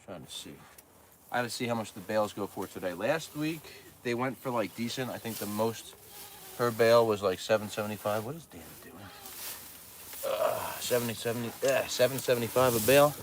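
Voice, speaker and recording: A man's voice: medium pitch, fairly quick, slight background noise. A man vlogging on his farm in crude, profane, joking casual chat. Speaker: farmer vlogger. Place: farm, outdoors with goats.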